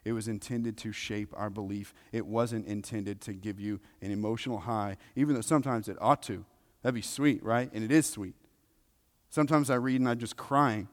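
Emphatic low-voiced male preacher. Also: steady tone, normal speed. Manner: emphatic, repeats key phrases, swings between loud and soft. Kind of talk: sermon. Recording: long reverb of a large hall.

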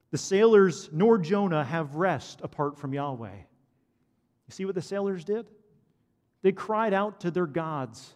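A man preaching a sermon to a congregation, animated and asking the listeners questions. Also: on the high side. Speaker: pastor. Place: church hall. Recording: long hall reverb.

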